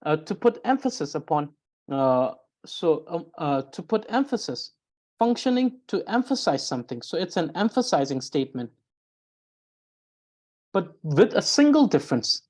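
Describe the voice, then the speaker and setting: A woman teaching a grammar lesson, explaining carefully and often pausing with "uh" to restart a phrase. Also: sits low, very animated, a little mellow. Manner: explains slowly with frequent "uh" pauses and restarts; reads out example sentences. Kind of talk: recorded language lesson.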